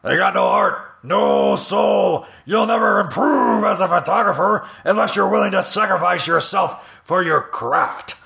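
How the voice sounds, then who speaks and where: A man voicing a bossy middle-aged male newspaper editor who barks and shouts his lines. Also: high-pitched, a little slow, vocal fry, hardly any pauses, pitched above the performer's own voice, heavily acted. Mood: blustering.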